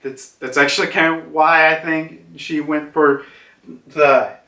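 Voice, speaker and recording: A man's voice: on the high side, steady tone, a little slow, bright, forceful tone. A man casually reviewing a comic chapter, rambling with lots of fillers and restarts. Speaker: manga reviewer. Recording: echoey room, far from mic.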